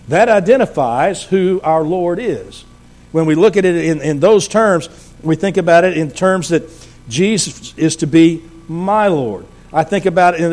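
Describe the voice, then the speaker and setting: Man, high-pitched, sermon preacher, emphatic, phrases trail off low and quiet. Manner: explains scripture verse by verse.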